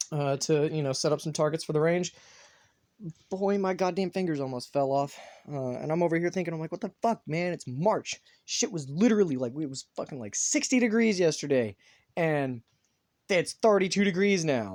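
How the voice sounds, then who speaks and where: A man from North Carolina talking casually to his phone in a rambling monologue, swearing often and filling pauses with ums and uhs. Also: on the high side, gravelly, darkish tone. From North Carolina, USA. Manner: swears a lot, rambling with many fillers. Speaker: vlogger.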